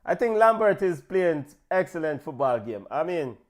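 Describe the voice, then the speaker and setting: Hosting a laid-back football watch-along, this Jamaican-accented man is full of energy, calling out names and handing out big-ups at every turn. He speaks with a fairly high pitch.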